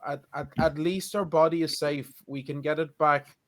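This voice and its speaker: A man working as game master, narrating a tabletop game gently, with hesitant pauses and fillers. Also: on the high side, fairly even intonation, a little hiss or hum.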